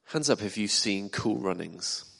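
A man's voice: lowish voice, animated, a little slow, creaky, a bit bright, husky. A man preaching a sermon in a church hall, talking conversationally and asking the congregation questions. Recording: long reverb of a hall.

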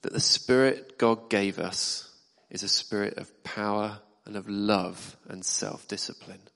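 A man's voice: on the low side, steady tone, a little slow, creaky, a bit bright. A man preaching a sermon in a church hall, talking conversationally and asking the congregation questions. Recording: long reverb of a hall.

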